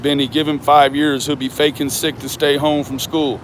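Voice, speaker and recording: A man chatting casually on a live stream while walking, speaking slowly with many pauses and fillers. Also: on the high side, level tone. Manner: slow and rambling, many ums. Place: outdoors and in a store. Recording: noisy street with traffic.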